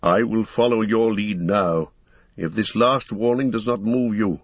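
A man giving voice to a weary ranger, grim and earnest. He speaks heavily in a husky voice, on a dull lo-fi recording. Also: lowish voice, a little slow, dry recording. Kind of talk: audiobook character reading.

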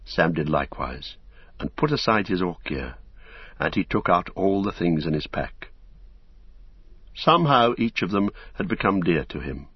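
Brief: solemn audiobook narrator, man, low voice, somewhat dull sound. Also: slightly rough, dry recording. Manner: measured, solemn storytelling. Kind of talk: scripted narration of a novel.

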